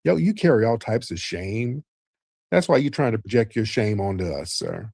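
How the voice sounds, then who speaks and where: A man's voice: lowish voice, very animated, normal speed, creaky, darkish tone, dry recording. Combative male talk-show host, dry sound. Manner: combative and mocking, keeps saying "sir"; lectures at length in a storytelling way. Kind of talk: live call-in show commentary.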